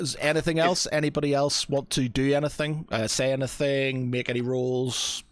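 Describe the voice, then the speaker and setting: A man's voice: medium pitch, little pitch movement, moderate pace, hardly any pauses, smooth, no room sound, faint music behind. A man narrating as game master of a tabletop game, hesitant and full of restarts. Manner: hesitant, many fillers and restarts.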